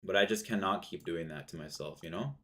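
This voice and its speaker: A man's voice: low voice, a little fast, a bit bright. A man talking through his day trades live, frustrated and hard on himself, swearing and saying "man" and "bro". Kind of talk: live trading commentary to himself.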